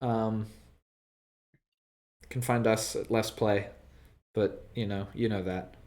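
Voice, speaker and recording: A man co-hosting a casual game stream, laid-back and laughing often with halting restarts. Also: on the low side, level tone, a little mellow. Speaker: streamer, co-host. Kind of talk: casual gameplay chat.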